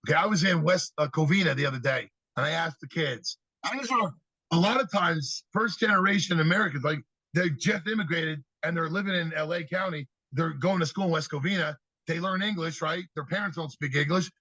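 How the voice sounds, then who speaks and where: Animated man telling stories, husky voice. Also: on the high side, fairly quick, no echo, highs cut off. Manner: animated storyteller, acts out kids' answers. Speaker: podcast guest, youth speaker. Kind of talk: storytelling interview talk.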